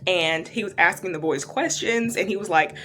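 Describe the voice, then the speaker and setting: A woman with a slightly low voice talks through a true-crime series in a relaxed, rambling manner. She leans on "um" and "like" as she goes, and soft music plays faintly behind her. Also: moderate pace. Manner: chatty, loose, lots of fillers and "like". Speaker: true-crime reaction vlogger. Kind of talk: casual retelling of a TV series.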